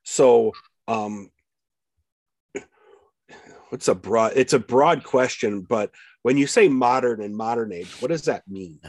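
A man with an American Midwest accent hosts a podcast interview in a casual chat, talking haltingly with many fillers and restarts. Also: mid-range voice, a little mellow, no room sound. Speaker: podcast host.

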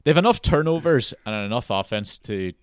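An Irish man hosting a podcast, talking in a relaxed, rambling way and swearing freely. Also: mid-range voice, normal speed, clean tone, dry recording. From Ireland. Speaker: podcast host. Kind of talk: casual sports chat.

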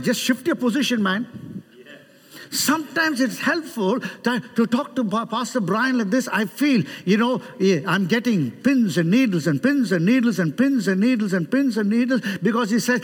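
Recorded in a large, reverberant church sanctuary, this middle-aged guest preacher from India speaks at normal speed in a very high, slightly rough voice. He preaches animatedly, joking with the congregation and acting out quoted voices.

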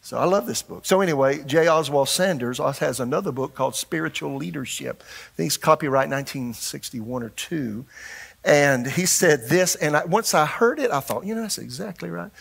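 An older man preaching a sermon as pastor, animated and shifting his delivery, putting questions to the congregation. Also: on the high side, moderate pace, gravelly, breathy edge.

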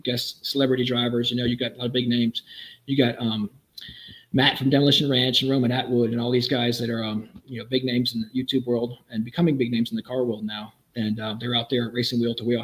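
Fast-talking, enthusiastic male storyteller. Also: mid-range voice, poor audio. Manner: animated, enthusiastic, quick storyteller. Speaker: guest, custom vehicle builder. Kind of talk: casual storytelling in a podcast interview.

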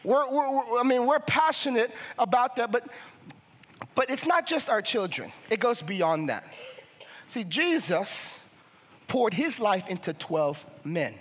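A young male pastor preaching with fervent passion, his voice high and bright as it carries through a church auditorium's long reverb. He stumbles over repeated words and pushes toward a shout as his point builds. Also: sing-song, measured pace. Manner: passionate, rising to near shouting, with many restarts. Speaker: family ministries pastor. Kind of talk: sermon.

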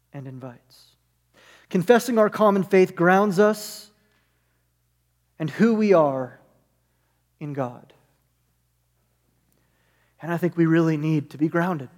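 A high-voiced male pastor preaches earnestly, stacking his points in repeated parallel phrases. His voice carries a long reverb through a large sanctuary. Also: expressive, takes it slowly, pauses often. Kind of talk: sermon.

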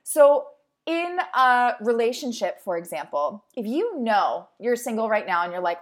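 A woman's voice: on the high side, big pitch swings, measured pace. A young adult woman, a fitness instructor and host, giving an upbeat, encouraging motivational talk in a conversational way. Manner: upbeat, encouraging, conversational with acted-out inner voices. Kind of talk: motivational monologue.

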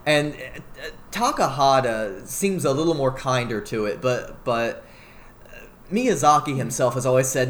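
A man's voice: medium pitch, expressive, a little slow, a bit bright. A man co-hosting a podcast, talking eagerly and rambling with many fillers and restarts. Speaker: podcast co-host. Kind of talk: casual podcast discussion.

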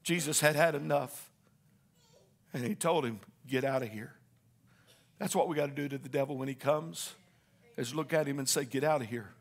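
Male preacher, high ringing voice, call-and-response sermon, builds to shouting. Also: normal speed, creaky, long pauses. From Southern Indiana.

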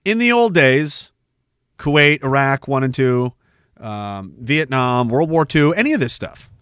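A man's voice: medium pitch, sing-song, slow, a bit bright, smooth, dry recording, studio quality. A man hosting a podcast, ranting about the news in a sarcastic, profane, casual way. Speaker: podcast host. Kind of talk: casual political commentary.

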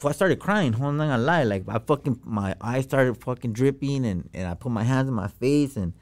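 A man's voice: mid-range voice, lively intonation, brisk. A man telling a personal story as a podcast guest, in slangy, profane casual talk full of fillers.

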